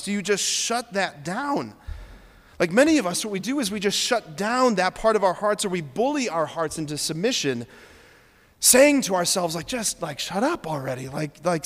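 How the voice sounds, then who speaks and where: High-voiced priest preaching in a reverberant church. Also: male voice. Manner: conversational, earnest preaching with frequent "like". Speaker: Catholic priest. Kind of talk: homily. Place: large church.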